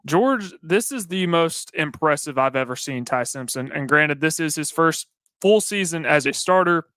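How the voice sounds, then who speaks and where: A man's voice: fairly high pitch, expressive, moderate pace, sharp tone, clear, resonant tone, no room sound. A man with a Southern accent co-hosting a sports talk show, earnestly breaking down football games point by point. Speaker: sports radio co-host.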